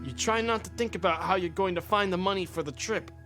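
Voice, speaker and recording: Man, game streamer, casual profane commentary, high voice, faint music behind. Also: fast talker. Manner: profane, ranting, reads narration aloud. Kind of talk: casual let's play commentary.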